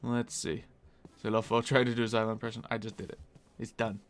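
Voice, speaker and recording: A man's voice: fairly low pitch, flat delivery, a little fast. A man streaming a game live, chatting casually and answering viewers as he plays. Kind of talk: casual live-stream chat while gaming.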